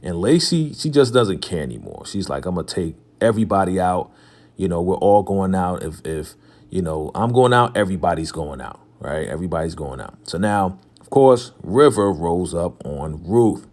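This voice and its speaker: A man's voice: sits low, lively intonation, moderate pace, darkish tone. A young man casually recapping a TV drama episode, retelling scenes by quoting the characters in loose paraphrase and chuckling now and then. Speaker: TV recap host.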